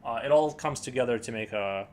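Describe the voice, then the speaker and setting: A man's voice: mid-range voice, a little fast, a little hiss or hum. A man live-streaming while he paints, chatting casually in a rambling, hesitant way full of fillers and restarts.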